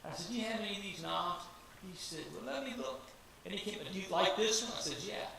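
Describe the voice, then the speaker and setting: A man's voice: high voice, expressive, fairly quick, gravelly, a crowd in the background. A man giving an informal testimony to a church congregation, folksy and rambling with frequent restarts. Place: church hall. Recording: echoey church hall, distant mic, noisy.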